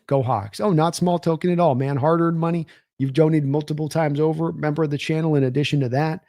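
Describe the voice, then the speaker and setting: Mellow-voiced man hosting a football stream. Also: a little high, steady tone, quick pace, no room sound, studio quality. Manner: rambling, thanks viewers by name, reads chat aloud. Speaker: sports livestream host. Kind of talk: casual live-stream football talk.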